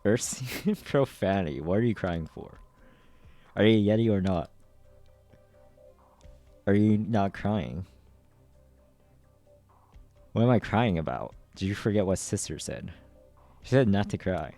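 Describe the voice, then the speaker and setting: A man reads a game's story dialogue aloud on stream, covering every part. His voice is deep and mellow, and his delivery is steady and even. Quiet music plays underneath. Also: measured pace, long pauses, no room sound. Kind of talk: dramatic readthrough of game dialogue.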